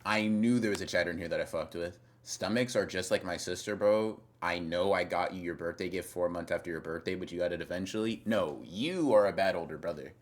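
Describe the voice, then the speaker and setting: A young man with a very low voice chats loosely with his stream audience. He rambles, teases viewers and keeps restarting his sentences with fillers. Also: fairly quick, few pauses. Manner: rambling, teasing, trails off with fillers and repeats. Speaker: streamer reading chat. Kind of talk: casual live-stream chat.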